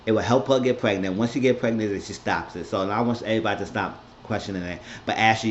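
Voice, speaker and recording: A man's voice: on the low side, dull audio, a little hiss or hum. A man giving a blunt, rambling, casual recap of a reality show episode on his vlog. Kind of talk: casual commentary.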